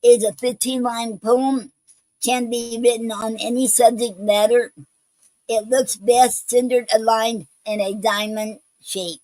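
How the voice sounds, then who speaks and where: A woman's voice: fairly high pitch, level tone, unhurried, darkish tone, no room sound, poor audio. A woman hosting a poetry show, reading poems and explaining a poetic form in a hesitant way, with many ums and restarts.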